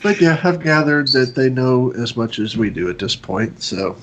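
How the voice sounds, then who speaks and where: A man's voice: mid-range voice, normal speed, a little hiss or hum, poor audio. A man playing a tabletop game, chatting casually and rambling as he describes his character. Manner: rambling, lively storytelling with frequent fillers. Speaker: player.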